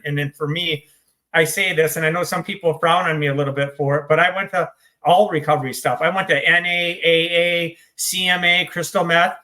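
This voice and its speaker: A man with a somewhat high-pitched voice talks as an interview guest, blunt and full of swearing. His delivery is hyper and rapid-fire, like candid storytelling. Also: pushed and bright. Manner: blunt and profane.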